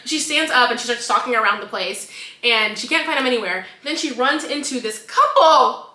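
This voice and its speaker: A young woman co-hosts a casual book chat podcast, her bright, fairly high voice animated and fairly quick. She retells the story with energy and slips into the characters' voices. The room has a noticeable echo.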